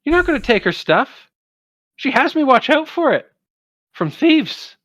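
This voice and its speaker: A tiny ermine guards its dead mistress's belongings in shrill, rapid squeaks, voiced by a man. It sounds high and piercing, far above a man's normal voice. The creature is fiercely possessive. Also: very animated, fairly bright tone, dry recording, full character voice. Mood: protective.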